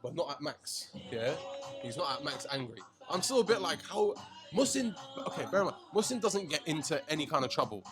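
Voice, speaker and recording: A young man, telling an animated story to his friends. His voice sits a little high for a man, and he swears freely and throws in slang. Music plays clearly in the background of the lounge. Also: fairly quick. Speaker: podcast co-host telling a story. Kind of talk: casual storytelling chat. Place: shisha lounge. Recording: music playing behind.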